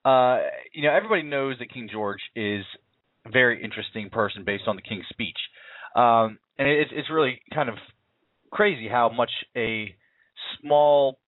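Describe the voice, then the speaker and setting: An American man, a film reviewer, chats casually about a film he saw, rambling with many fillers and restarts. His voice is medium-pitched at a moderate pace, with no echo, over a tinny, phone-like line.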